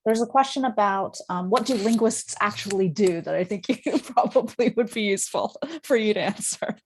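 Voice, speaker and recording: A woman of middle pitch speaks plainly in an unscripted online Q&A. She explains matters step by step, with an occasional um. Her voice comes through a computer mic on a video call. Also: normal speed, darkish tone, slightly rough. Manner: plain and informative, with some ums. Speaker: university staff member helping with a Q&A.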